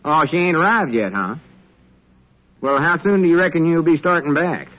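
An actor playing a folksy middle-aged country storekeeper, in an easygoing drawl, in 1940s radio acting. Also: male voice, on the high side, animated, normal speed, a bit bright, rough recording. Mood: cheerful.

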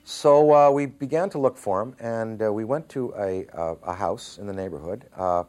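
A man's voice: fairly low pitch, normal speed, a little mellow. A man in an interview, hesitantly telling a story from a film shoot. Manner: hesitant storyteller, many fillers. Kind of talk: anecdotal interview.

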